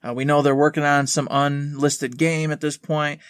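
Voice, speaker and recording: A man's voice: on the high side, little pitch movement, moderate pace, clean tone, no room sound. A man co-hosting a gaming podcast in casual chat, rambling and making sarcastic jokes. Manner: joking, rambling, sarcastic asides. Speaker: podcast co-host.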